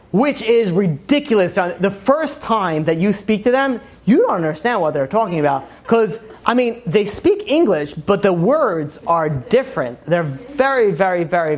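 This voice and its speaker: A man, a rabbi giving a casual, joking class. He rambles through asides and self-mocking humor and fills his talk with "you know" and "like". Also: high voice.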